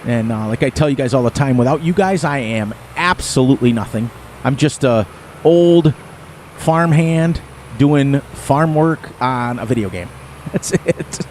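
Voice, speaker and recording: This middle-aged streamer's medium-pitched, slightly mellow voice has lively intonation and a measured pace. Chatting with viewers during a live game, he rambles in a folksy manner and laughs frequently, over a little hiss or hum.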